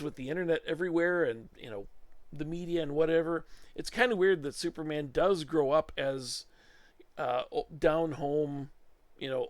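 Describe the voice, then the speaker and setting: A middle-aged man rambles through a casual film review from his home studio, his voice sitting a little high for a man. The sound is close and dry with almost no room around it, and he talks in loose, chatty runs full of "uh"s and restarts. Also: dry recording. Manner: meandering, chatty, with frequent fillers and restarts. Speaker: movie reviewer. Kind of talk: casual opinion monologue.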